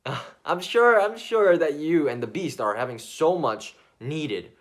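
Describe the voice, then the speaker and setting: A man's voice: on the high side, lively intonation, a little slow. A man playing an awkward, hesitant reporter in a comedy news sketch. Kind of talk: mock news interview.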